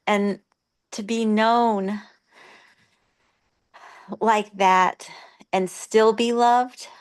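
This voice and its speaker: A woman in a group discussion sharing a gentle, thoughtful reflection with small laughs. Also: medium pitch, steady tone, drawn-out words, smooth. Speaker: group participant.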